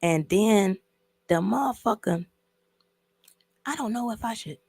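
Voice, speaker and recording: A woman's voice: mid-range voice, lively intonation, unhurried, gravelly, darkish tone, slightly rough, dry recording, studio quality. A woman casually recapping and reviewing a movie, telling the story in an emphatic, profane way with lots of repeats.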